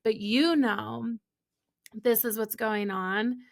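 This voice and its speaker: A woman's voice: fairly high pitch, vocal fry. A young adult woman who is a guest on a podcast. She talks candidly and with animation, acting out the things she says to others. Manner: animated, quick and candid, acting out quoted remarks. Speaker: guest, holistic business coach. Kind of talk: casual podcast conversation.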